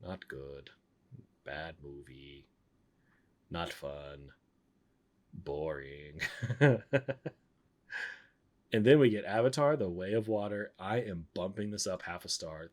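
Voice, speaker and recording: A man streaming and chatting casually, rambling and blunt, often cutting himself off mid-sentence. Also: low-pitched. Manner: blunt, rambling, self-interrupting. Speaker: streamer reviewing films. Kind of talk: casual chat.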